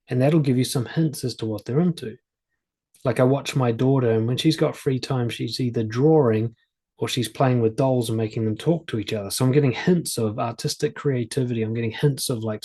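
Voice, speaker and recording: A man with a slightly husky voice sitting at middle pitch gives parenting advice straight to camera. He keeps it casual and plain-spoken and leans on everyday family examples. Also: warm tone. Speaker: parenting and confidence coach.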